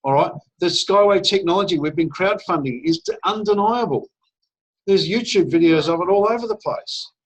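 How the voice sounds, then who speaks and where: A man giving an energetic, persuasive sales pitch on a video call, often checking in with "all right?". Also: moderate pace. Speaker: network marketing presenter. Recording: dull lo-fi call audio.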